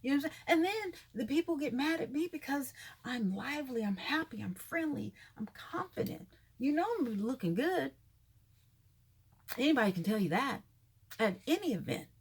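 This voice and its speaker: Husky woman in her fifties ranting. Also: sits high, moderate pace. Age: 50s. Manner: animated, indignant, drops to whispers for asides. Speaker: vlogger. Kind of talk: casual commentary monologue.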